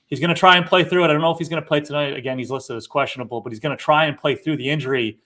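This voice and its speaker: A man's voice: fairly high pitch, racing, a bit bright. A man giving an injury report for sports bettors in a matter-of-fact way, heavy on stats. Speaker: sports betting analyst.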